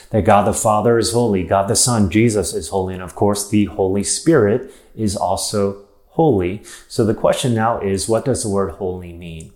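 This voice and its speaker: A man's voice: lowish voice, a little mellow, reverberant. A man preaching a sermon, stressing points by repetition and asking rhetorical questions.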